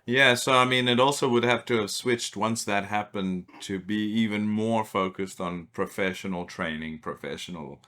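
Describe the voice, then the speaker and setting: Low-voiced man hosting a podcast. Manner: quick agreeing interjections, then animated explanations. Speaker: podcast host. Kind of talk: podcast interview.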